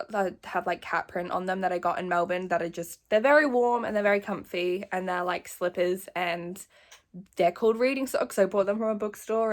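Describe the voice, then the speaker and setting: A woman of about nineteen chatting casually in a reading vlog at home, gushing and emotional, often laughing. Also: medium pitch. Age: late teens. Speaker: vlogger.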